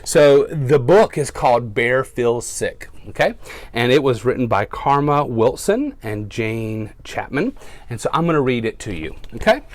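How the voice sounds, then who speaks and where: Lively firefighter reading to kids. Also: male voice, mid-range voice, unhurried. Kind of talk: reading a picture book to children.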